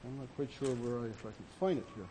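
A man preaching as a pastor in an earnest, halting way, with many restarts and fillers. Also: mid-range voice, dark tone, a little hiss or hum. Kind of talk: sermon.

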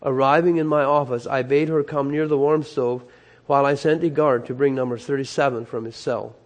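A man preaching, telling a long story dramatically, swinging between loud emphasis and soft hushed moments. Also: medium pitch, fairly even intonation, fairly quick. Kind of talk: sermon storytelling.

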